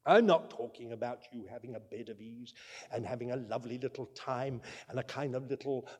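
A man preaching a sermon, earnest and emphatic, swinging between loud declarations and quiet asides. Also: medium pitch. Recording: long reverb from a large hall.

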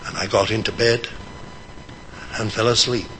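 A man's voice: on the low side, normal speed, slight background noise, rough recording. An older man telling a personal faith story, acting out the people in it. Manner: animated storyteller, acting out quotes. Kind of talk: testimony storytelling.

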